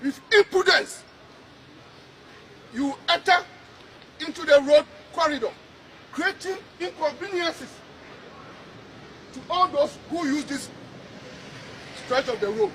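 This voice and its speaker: A man's voice: very high voice, measured pace, long pauses, bright, forceful tone. A man, a public official, angrily rebuking people outdoors by a road, repeating his phrases in indignation. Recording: noisy outdoor archive clip.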